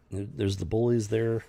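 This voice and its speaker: A man's voice: on the low side, gravelly, dark tone. A man hosting a comic book review show, ranting in exasperated, incredulous casual commentary. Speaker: podcast host reviewing comics.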